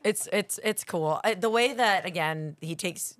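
A woman's voice: on the low side, a little slow. A woman co-hosting a casual podcast, giggly and enthusiastic. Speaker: podcast co-host. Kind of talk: casual chat.

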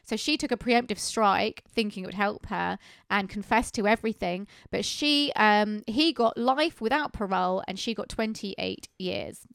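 A podcast co-host, this woman talks through true crime cases in a brisk, conversational way, tossing in casual asides. Her mid-range voice is creaky, smooth, and a bit bright, recorded dry and close with no room sound.

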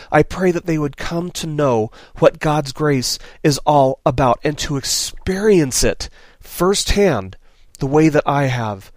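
A man preaching a sermon in an earnest way, asking rhetorical questions and dropping softly on key phrases. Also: fairly high pitch, no echo.

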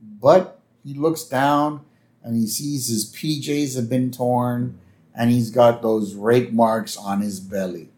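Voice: medium pitch, takes it slowly. A podcast co-host casually recapping a cartoon episode, often checking in with "right?". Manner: lively, keeps checking in with "right?".

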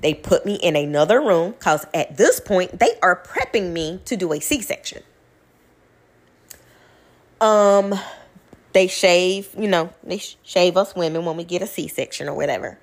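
A young woman, telling a personal story to her viewers in a blunt, animated way, swearing freely. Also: fairly low pitch, unhurried.

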